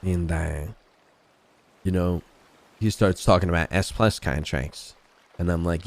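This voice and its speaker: A man's voice: low voice, unhurried, pauses often. A man talking in character during a roleplay game, rambling and swearing, padding his lines with "you know what I mean.". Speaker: roleplay gamer.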